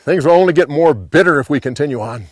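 Seasoned warrior, high and urgent, a storyteller putting him on, yelling back across a battlefield, dry close sound. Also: male voice, expressive, fast, no echo. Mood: urging. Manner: raised, urgent calling out. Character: seasoned old male warrior, pleading to stop.

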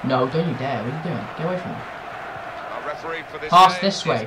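A young man doing loud gameplay commentary for a football video game, swearing and shouting at the players. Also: on the high side, normal speed, crowd noise, low-quality recording. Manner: excitable, swears a lot, yells at the game. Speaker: gaming YouTuber. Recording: game music playing behind. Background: soccer game music and commentary.

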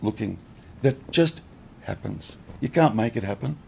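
A man's voice: lowish voice, lively intonation, measured pace, vocal fry, slight background noise. A man giving a casual spiritual talk as a teacher, blunt and questioning, swearing freely. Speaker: nonduality teacher.

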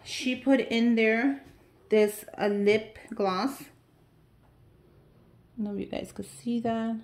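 Gushing excitable woman unboxing gifts. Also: a little high, slow pace. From United States. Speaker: vlogger opening mail. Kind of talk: casual unboxing chat to viewers.

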